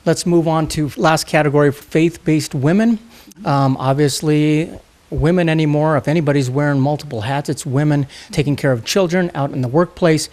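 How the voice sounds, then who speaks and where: A man hosting an interview, asking measured questions and moving through topics. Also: a little high, a little mellow. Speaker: interview host.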